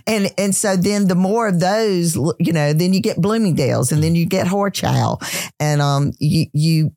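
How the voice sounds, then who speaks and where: A woman with a Southern US accent, a chef and entrepreneur telling her story in a casual interview, animated and full of restarts. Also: on the low side, normal speed, dry recording, studio quality. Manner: animated, many restarts and "you know"s. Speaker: celebrity chef and entrepreneur, guest.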